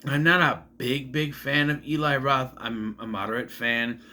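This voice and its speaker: A man's voice: mid-range voice, fairly even intonation, moderate pace, sharp tone. A young man giving a casual, rambling movie review who often stops to correct himself. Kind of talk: casual film review vlog.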